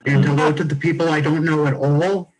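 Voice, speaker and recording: A man's voice: a little high, fairly even intonation, a little fast, faint music behind, poor audio. A man doing a chatty, self-deprecating stand-up set over a video call. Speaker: stand-up comic. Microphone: video call mic. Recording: video call with loud laughter behind.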